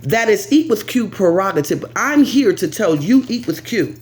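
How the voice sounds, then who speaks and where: An American woman vlogger giving lively, animated commentary straight to camera. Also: normal speed. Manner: animated, lively, pitch swings, talks straight to viewer.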